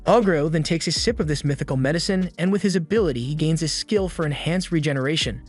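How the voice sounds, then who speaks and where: A man's voice: on the high side, quick pace, soft background music. A man giving a scripted, matter-of-fact narration of an anime plot. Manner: steady, matter-of-fact storytelling. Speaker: recap narrator.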